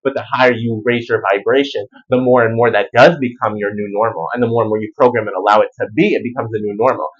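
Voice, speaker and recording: A man talks through a tarot reading in an animated, rambling way, full of slang. His voice sits at an ordinary pitch, and the audio sounds a little muffled. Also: fast talker, hardly any pauses, husky. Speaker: tarot reader. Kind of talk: casual spiritual card reading.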